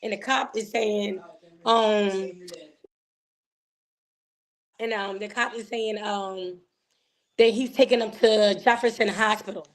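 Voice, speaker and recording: A woman, a guest telling an emotional personal story in an animated way, acting out the voices she quotes. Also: mid-range voice, slow pace, long pauses.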